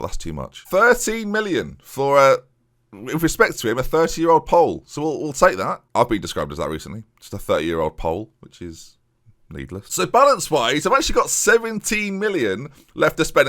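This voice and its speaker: A man's voice: medium pitch, a bit bright. A man chatting casually and with self-mockery as he plays a game and talks viewers through his moves, recorded at home. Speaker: gaming YouTuber.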